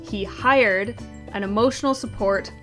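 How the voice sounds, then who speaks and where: A woman's voice: mid-range voice, measured pace, over music. Wry woman co-hosting a comedy segment. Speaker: comedy show co-host. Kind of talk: scripted comedic news chat.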